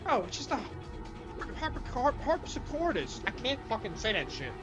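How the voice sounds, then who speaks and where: A woman's voice: a little high, big pitch swings, moderate pace, over music. A woman voicing a defiant young woman hostage with a sarcastic, profane way of talking.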